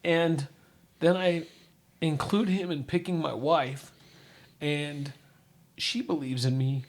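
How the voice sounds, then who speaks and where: A man's voice: on the high side, steady tone, takes it slowly, a little hiss or hum. A middle-aged man, a podcast guest, earnestly and casually telling a personal story from his life. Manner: earnest, casual, often says "dude".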